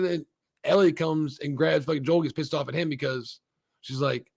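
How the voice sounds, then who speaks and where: A man talks through a TV episode in a loose, profane ramble, jumping in and out of the characters' lines. His voice is gravelly with fry and sits a little high for a man. He sounds like an unscripted solo host. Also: steady tone, normal speed. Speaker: show host reviewing a TV episode. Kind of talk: casual solo recap and review.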